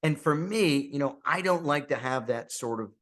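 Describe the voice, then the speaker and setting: A man's voice: a little high, lively intonation, moderate pace, a bit bright. A man hosting a podcast alone, talking in a friendly, outgoing, conversational way with restarts and fillers. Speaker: podcast host; real estate agent. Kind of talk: casual monologue.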